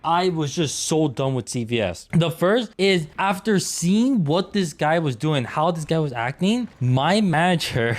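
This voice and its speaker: A man's voice: on the high side, lively intonation, unhurried. Young male storyteller, exasperated rant, casual commentary read. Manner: exasperated, ranting.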